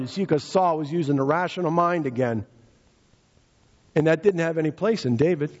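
A man's voice: fairly high pitch, moderate pace, long pauses, darkish tone. A man preaching a sermon, retelling scripture in casual speech and repeating key phrases for emphasis. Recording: dull lo-fi recording.

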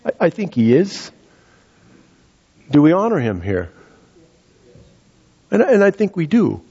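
A man preaching a sermon as pastor, earnest, repeating words and rising in pitch for emphasis. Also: huge pitch swings, measured pace, warm tone, husky, highs cut off.

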